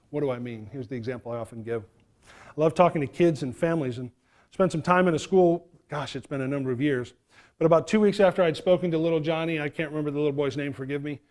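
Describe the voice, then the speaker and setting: A middle-aged man from New York giving an animated fire safety talk, acting out the voices in his stories. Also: on the high side. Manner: animated, acts out quoted voices.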